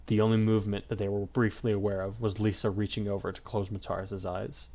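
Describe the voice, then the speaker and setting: A man narrating a fan-fiction story at a steady, unhurried pace. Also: lowish voice.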